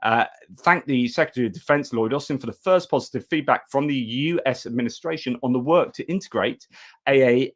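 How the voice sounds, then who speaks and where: A chatty middle-aged man hosting a live news commentary stream. His voice sits at an ordinary mid pitch, and he reads headlines and thanks viewers in a loose, conversational flow full of restarts. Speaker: livestream news host.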